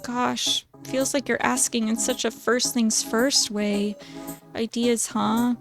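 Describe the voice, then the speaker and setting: A woman's voice: fairly high pitch, steady tone, slow pace, creaky, over music. A woman voicing a timid, self-deprecating young man who talks hesitantly and apologizes a lot.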